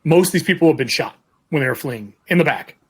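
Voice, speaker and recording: Man, game master, tabletop game, descriptive, rambling, fairly high voice. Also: animated, fast, husky. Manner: descriptive, loose, with fillers and restarts.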